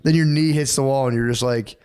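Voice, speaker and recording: A man's voice: medium pitch, brisk. Laughing, crude-talking man on a podcast. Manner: crude, laughing, animated storytelling. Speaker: podcast co-host. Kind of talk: casual chat.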